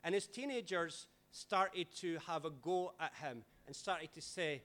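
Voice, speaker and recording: A man, a pastor telling stories in a sermon with dramatic swings in loudness. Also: a little high, moderate pace, hardly any pauses. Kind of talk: sermon storytelling.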